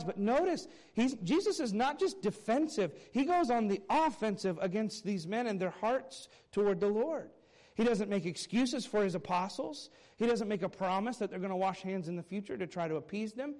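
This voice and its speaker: A man's voice: high-pitched, a little mellow. A man preaching a morning sermon as pastor, earnest and emphatic, with occasional wry asides.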